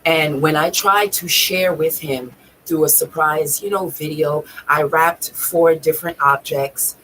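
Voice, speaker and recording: A woman's voice: sits low, measured pace, fairly bright tone, slight background noise, poor audio. Woman telling a raw personal story. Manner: raw, profane, tearful at times. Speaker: vlogger.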